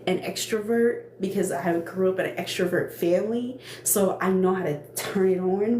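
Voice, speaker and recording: Speaking from an echoey makeup workspace with a faint hiss behind her, a young small-business cosmetics owner talks on a phone live stream in a chatty, earnest way. She's emotional and near tears, laughing frequently and circling back over what she's said. Her voice is dark and medium-pitched, at normal speed with few pauses.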